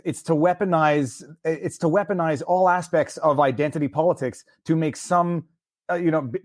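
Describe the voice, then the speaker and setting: A man's voice: a little high, a little mellow, no echo, clean studio sound. A man hosting a podcast in casual chat, speaking earnestly and opinionatedly with frequent restarts.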